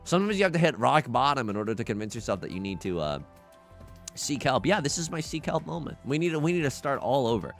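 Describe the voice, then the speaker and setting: A young man giving live game commentary to his chat, jokey and animated, often stumbling and repeating words. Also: mid-range voice, fast, creaky, faint music behind. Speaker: streamer.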